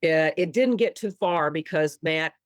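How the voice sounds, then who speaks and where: A woman's voice: low voice, unhurried, no room sound. A woman from Austin with a Texan accent, a musician guest telling stories in a casual interview and acting out quotes. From Austin, Texas. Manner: animated storyteller who acts out quotes and laughs often.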